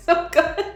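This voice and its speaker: A young woman hosting a game development livestream, greeting viewers and chatting casually, laughing often and tripping over her words. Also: sits high. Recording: roomy echo, faint background music.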